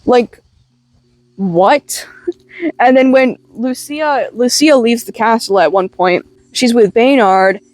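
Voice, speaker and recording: A young woman who reviews webcomics recaps a comic in a chatty way, peppering her talk with "like" and casual swearing. Her voice is on the high side with a darkish tone and a slightly slow pace, recorded dry.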